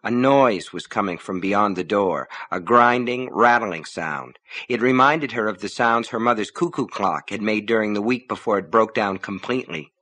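A man reading a novel aloud as narrator, in measured storytelling. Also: lowish voice, sharp tone. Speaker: audiobook narrator. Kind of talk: scripted narration.

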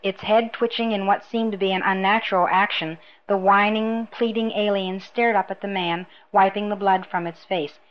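A woman reading a novel aloud in a measured, even narration. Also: medium pitch, lo-fi sound. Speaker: audiobook narrator. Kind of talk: scripted narration.

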